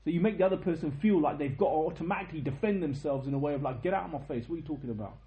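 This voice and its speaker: A young man giving an informal religious lecture, telling a story with lively asides and checking questions to his listeners. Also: a little high, very fast, reverberant, low-quality recording. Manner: animated storytelling, tag questions, quotes in Arabic. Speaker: teacher of a history lesson.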